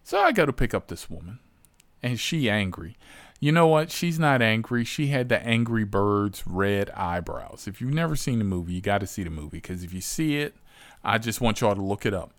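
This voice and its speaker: A man, a rideshare driver, telling stories in a profane, animated, exasperated way. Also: on the low side, no echo. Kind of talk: casual storytelling.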